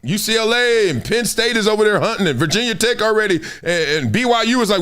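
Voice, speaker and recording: A middle-aged man from Compton, hosting an animated live-stream sports talk show and acting out quoted voices with frequent laughs. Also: high voice, brisk. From Compton, Los Angeles.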